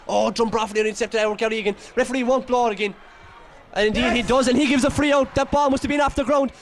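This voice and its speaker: An Irish man giving excitable, partisan local commentary on a football match, exclaiming and scolding the players. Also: high voice.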